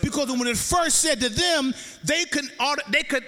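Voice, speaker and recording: A very high-voiced male preacher with a bright, forceful tone, chanting his sermon in a sing-song cadence that swells into shouts. He speaks straight to the congregation and draws their answers. His voice rings through the long reverb of a big church hall. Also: moderate pace. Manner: addresses the congregation, drawing call-and-response. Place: church sanctuary.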